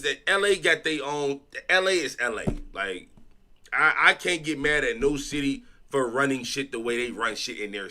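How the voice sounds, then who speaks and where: A man's voice: medium pitch, bright, forceful tone. A man from Chicago reacting to videos on stream, talking loosely and profanely with frequent restarts. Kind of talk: casual reaction stream chat.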